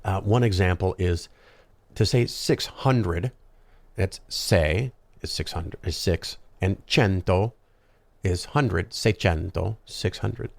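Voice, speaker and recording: Male podcast host, deep gravelly voice, rambling casual monologue, dry close recording. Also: slow pace, dry recording. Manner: rambling, conversational, frequent ums and asides.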